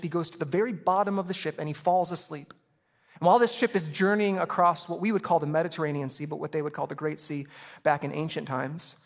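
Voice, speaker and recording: A man preaching a sermon, retelling a story in a casual, animated way with slang. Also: sits high, long reverb tail. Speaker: pastor.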